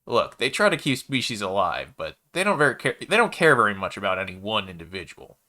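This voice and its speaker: A man's voice: lowish voice, very animated, a little fast, pushed and bright. A man voicing a chatty, easygoing male alien baker in a sci-fi story, with a laid-back, folksy manner. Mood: urgent. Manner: laid-back, folksy, calls the listener kid.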